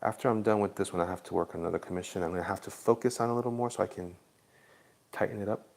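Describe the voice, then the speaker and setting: Gravelly low male streamer, relaxed and jokey, talking to chat while drawing. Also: racing. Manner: laid-back, jokey, chatty with viewers. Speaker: livestream artist. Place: Florida.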